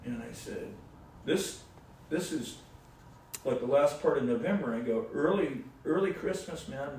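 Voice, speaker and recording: Casual storytelling man, mid pitch, rambling and animated, heard distant in a very echoey room with faint noise. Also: unhurried. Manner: rambling, animated, swings between loud and soft. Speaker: guitar player giving advice.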